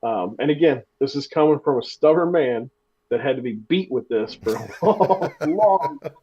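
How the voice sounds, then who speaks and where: A man's voice: mid-range voice, lively intonation, normal speed, slightly rough. Storytelling man on a podcast, lo-fi sound. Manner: storytelling, self-deprecating, many restarts. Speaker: podcast co-host. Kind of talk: casual chat.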